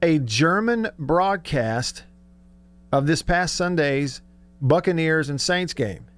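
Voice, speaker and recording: A man hosting a sports talk radio show, telling stories excitedly and laughing often. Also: fairly high pitch, slow.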